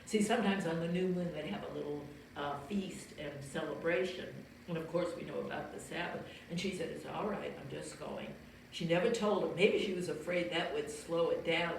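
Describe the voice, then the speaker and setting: A woman tells a story to children in a gentle, explaining way, stopping now and then to ask them questions. She sits well back from the microphone in a very echoey room, with faint noise underneath. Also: low voice, recorded from a distance.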